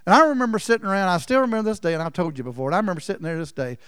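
A man preaching a sermon in a folksy storytelling way, swinging from loud emphasis down to near-whispers. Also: high-pitched, very fast, clean tone, dry recording, clean studio sound. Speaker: pastor.

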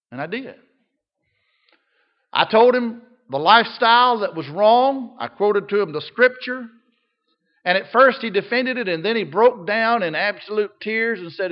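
An older man preaching a folksy sermon as pastor, rising to loud emphatic lines and dropping to quiet soft ones. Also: high voice, animated, normal speed, muffled recording.

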